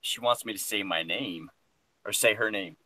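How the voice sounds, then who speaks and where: A middle-aged man chats in an easygoing, folksy way during a live stream. His voice is bright and forward. The sound is dry, with no room echo. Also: fairly low pitch, normal speed. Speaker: co-host, husband. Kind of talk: casual live-stream chat.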